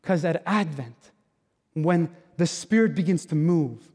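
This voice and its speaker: A middle-aged man delivers a sermon in a loose, conversational way, slipping into little acted-out voices and tripping over repeated words. His voice sits fairly high for a man. The sound rings with the long reverb of a church sanctuary. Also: measured pace, breathy edge. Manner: conversational, animated, acts out quoted voices, stammers repeated words. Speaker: guest pastor.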